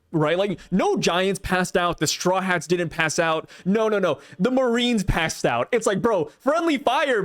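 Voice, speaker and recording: A young man hosting a casual video review, chatty and excitable, often stumbling over restarts as he talks. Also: high-pitched, no room sound. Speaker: YouTube host reviewing a manga chapter.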